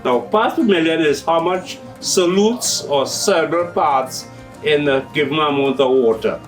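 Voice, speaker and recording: A man's voice: fairly high pitch, unhurried, far from the mic, faint music behind, rough recording. A middle-aged man with a Trinidadian accent, patiently explaining how his hydroponic systems work on a farming TV show. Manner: explanatory, patient, uses local turns of phrase. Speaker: hydroponics shop owner.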